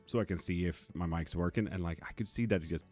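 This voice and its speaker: A man's voice: low voice, quick pace, darkish tone, soft background music. A man hosting a live tarot stream, chatting casually and bluntly as he answers viewers by name. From Sweden. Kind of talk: casual live-stream chat reading comments. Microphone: streaming mic.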